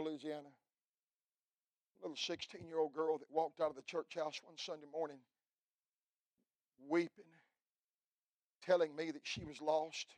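Fiery preacher, shouting and hushed. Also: male voice, a little high, dry recording. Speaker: pastor. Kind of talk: fiery revival sermon.

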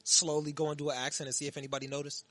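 A man's voice: a little high, monotone, very fast, fairly bright tone, dry recording. A man co-hosting a podcast in casual chat, laughing often and chiming in with short reactions. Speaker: podcast co-host.

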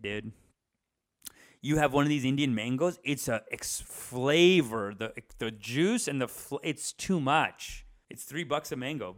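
A young man with a mid-range, somewhat bright voice vlogs to the camera from inside his parents' house. He wanders through a casual monologue, swearing and filling it with fillers and false starts.

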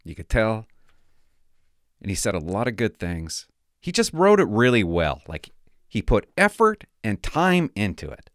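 An older man, a retired police officer, rambles candidly through stories of his past postings for viewers, his voice lively and swooping at a normal speed. He slides from booming asides down to near-whispers and back. The recording is dry and close, with no room echo.

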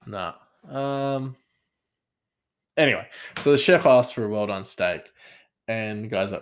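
A man's voice: fairly low pitch, unhurried, pauses often. An Australian man hosting a podcast, telling stories in a rambling, self-deprecating way and laughing often. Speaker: podcast host. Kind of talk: casual storytelling.

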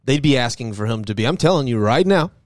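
A man's voice: mid-range voice, lively intonation, fast. A man co-hosting a casual sports podcast, talking loosely with restarts and casual swearing. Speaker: podcast co-host.

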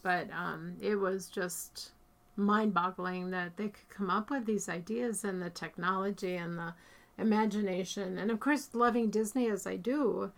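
A woman's voice: mid-range voice, unhurried, vocal fry. A middle-aged woman chatting casually as an interviewee, feeling the heat and losing her voice a little. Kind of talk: casual chat.

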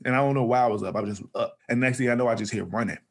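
A man spinning a childhood story at a quick clip, his voice sitting mid-range. He acts out the people in the story and laughs often as he goes, with in his speech. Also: medium pitch. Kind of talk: casual storytelling.

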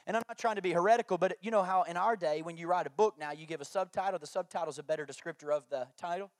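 A man's voice: high voice, rapid-fire, no echo, studio quality. A man, preaching a sermon through jokey family stories and acted-out quotes. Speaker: pastor.

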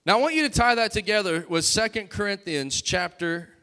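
A man preaching a sermon as pastor, calling out to the congregation and building to loud, emphatic bursts. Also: high voice, lively intonation, brisk.

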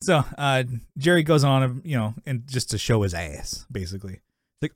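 A man's voice: medium pitch, big pitch swings, moderate pace, no echo, clean studio sound. A man co-hosting a podcast, chatting casually and rambling through a TV episode recap, with lots of "you know" fillers and frequent laughs. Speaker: podcast co-host.

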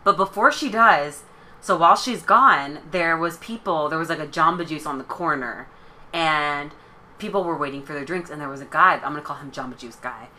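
A woman's voice: low voice, normal speed, pushed and bright, slight background noise. A young woman co-hosting a podcast, telling a story in a chatty way full of "like". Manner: chatty, filler-heavy storytelling with lots of "like". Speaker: podcast co-host. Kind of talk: casual storytelling chat.

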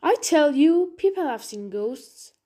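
Woman reads a loud gossiping butcher, storybook role. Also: high voice, animated, slow pace, pitched above the performer's own voice. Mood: emphatic. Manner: emphatic. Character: emphatic male village butcher, gossipy.

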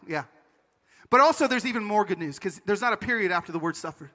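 A man giving a personal testimony sermon as a conference speaker, dramatic, swinging from loud to hushed. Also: sits high, lively intonation, fast. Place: large hall before an audience. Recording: long hall reverb.

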